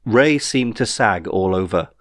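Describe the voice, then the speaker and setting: A man's voice: on the low side, animated, unhurried, no room sound. Man reading his novel, dry and wry. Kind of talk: audiobook narration.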